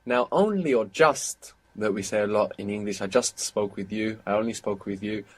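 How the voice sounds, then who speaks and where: A man teaching Spanish in a live online lesson, explaining patiently and slowing down to dictate phrases. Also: fairly low pitch. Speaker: Spanish tutor.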